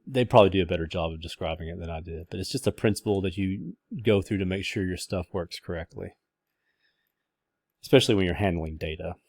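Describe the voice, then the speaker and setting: A man's voice: deep voice, quick pace, a little mellow, dry recording, clean studio sound. A man lecturing a class in a casual, rambling way, with many fillers and restarts.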